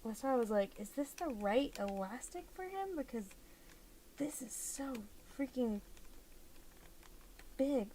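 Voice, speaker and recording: Slow-talking, chatty young woman vlogger. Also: high voice, lively intonation, dark tone, a little hiss or hum. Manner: chatty, exclaiming over fiddly handwork. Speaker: doll hobby vlogger. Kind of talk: casual crafting vlog.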